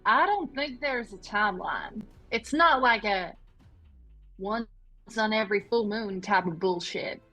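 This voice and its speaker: A woman's voice: medium pitch, lively intonation, unhurried, bright, forceful tone, soft background music, low-quality recording. A woman playing a tabletop game, speaking in character in a curt, sarcastic way. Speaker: player.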